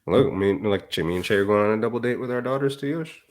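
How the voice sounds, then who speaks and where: A man with a low voice sits in on a live show as co-host. He chats casually, teasing the others and cutting in with quick, dry remarks. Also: a little hiss or hum. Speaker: podcast co-host. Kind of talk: casual chat.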